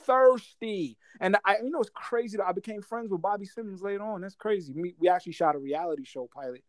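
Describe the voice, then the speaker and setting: A man in his forties from Guyana, talking in a slightly high voice. He tells stories in a loose, slangy, animated way and laughs as he goes. The sound is dry and close. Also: fast talker, no echo. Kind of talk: casual storytelling chat.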